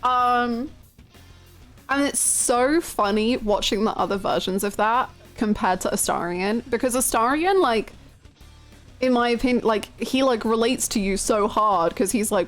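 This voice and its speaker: Animated woman streamer, lively pitch. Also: moderate pace, faint music behind. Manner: animated, laughs often, swears freely. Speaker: game streamer. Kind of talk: casual chat with viewers.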